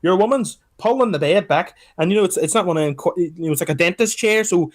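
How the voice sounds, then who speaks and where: A young man tells a story on a podcast. He is animated and swears freely. He often slips into the voices of the people he describes. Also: sits high, quick pace. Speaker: podcast co-host. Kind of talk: casual storytelling chat.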